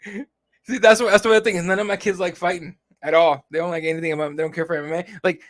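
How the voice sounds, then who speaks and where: A man in his thirties rambles through a family story on a podcast, swearing freely as he goes. His voice sits a bit higher than most men's. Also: flat delivery, racing. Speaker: podcast co-host. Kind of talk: casual chat.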